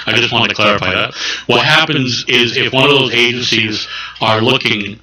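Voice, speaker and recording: A man's voice: mid-range voice, normal speed, sharp tone, slight background noise. A male podcast co-host in casual chat who explains at length and swears freely. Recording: echoey room.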